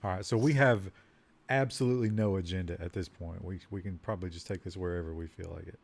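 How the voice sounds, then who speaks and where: A man's voice: sits low, fairly even intonation, fast talker, gravelly. Easygoing man typing through a game. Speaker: co-host typing into a text adventure game. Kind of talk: casual game chat.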